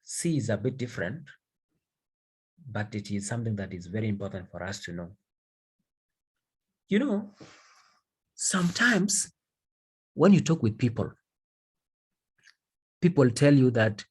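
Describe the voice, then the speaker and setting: A male English teacher explains grammar in a husky, breathy voice. He repeats key phrases for emphasis and keeps asking whether his students are following. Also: fairly low pitch, sing-song, measured pace, long pauses, darkish tone. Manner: repetitive, emphatic, checks understanding. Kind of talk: grammar lesson.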